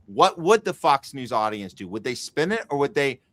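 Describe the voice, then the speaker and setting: Bright-voiced male podcast host. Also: medium pitch, very animated, no echo. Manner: rhetorical questions, quick asides. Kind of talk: casual political podcast chat.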